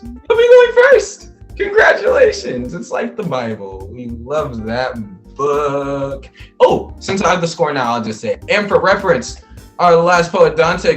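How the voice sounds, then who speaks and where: A man hosting a poetry slam in a playful way, announcing scores and hyping the crowd with chants. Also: medium pitch. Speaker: slam host. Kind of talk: casual event hosting.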